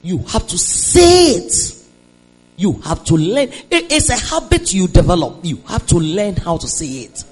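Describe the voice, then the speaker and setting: A Nigerian woman preaching a sermon, moving between hushed storytelling and shouted declarations and calling on the congregation to respond. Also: lowish voice, sing-song, a little slow, slightly rough, rough recording. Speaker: preacher giving a testimony.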